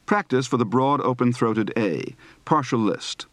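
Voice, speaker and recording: A man reading drills slowly and deliberately. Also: medium pitch, lively intonation, dry recording. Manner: precise, deliberate, over-enunciated. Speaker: speech teacher. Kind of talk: slow accent drill, reading word lists.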